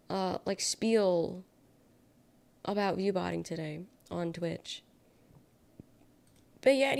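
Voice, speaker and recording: A young adult woman talks casually on a live stream, reading messages from her chat and answering them bluntly, with the odd curse thrown in. Her voice has a gravelly, fry-edged texture at a middling pitch. The whole delivery feels loose and conversational. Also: a little mellow. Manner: chatty, reads chat aloud and reacts, blunt and swears freely. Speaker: livestreamer.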